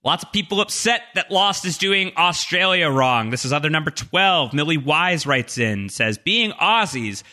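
A man's voice: a little high, lively intonation, moderate pace, few pauses, bright, forceful tone. A man co-hosting a podcast, reading listener mail aloud with jokey, self-deprecating asides. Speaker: podcast co-host.

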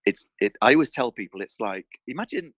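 A man talking as a podcast guest, telling an animated story and restarting phrases with repeated words. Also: mid-range voice, a little fast, no room sound. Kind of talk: conversational interview storytelling. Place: indoor studio with a mic.

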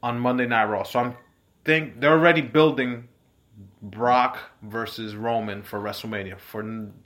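A man co-hosting a laid-back podcast, chatting eagerly with a friend. He keeps the talk loose and excitable, a few drinks in. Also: medium pitch, moderate pace. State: drinking shots. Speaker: podcast co-host. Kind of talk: casual chat.

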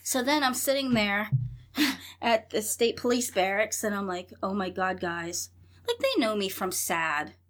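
A woman's voice: medium pitch, measured pace. A woman in her thirties telling her own story in an interview, acting out what people said, laughing often and swearing. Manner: animated, acts out dialogue, laughs often, swears. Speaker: interview guest.

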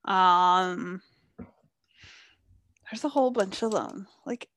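A woman's voice: medium pitch, takes it slowly, fairly bright tone. A young woman co-hosting a casual chat podcast, breezy and laughing often as she lays out context. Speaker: podcast co-host.

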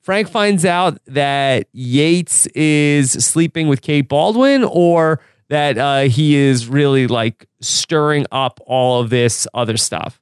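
A man's voice: on the high side, takes it slowly, few pauses, clear, resonant tone, no echo, clean studio sound. A man hosting a casual TV recap podcast, chatty and laughing often. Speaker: podcast host.

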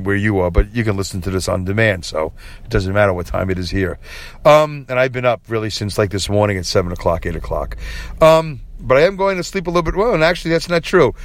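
A tired middle-aged man hosting a late-night solo podcast, talking candidly and rambling with many fillers and restarts. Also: mid-range voice. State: tired, yawning. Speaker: podcast host.

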